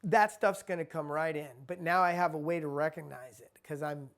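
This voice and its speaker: A man's voice: fairly high pitch, fairly even intonation, moderate pace, fairly bright tone. A man teaching a spiritual lesson in a conversational, repetitive way. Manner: conversational, repeats himself, acts out quoted people.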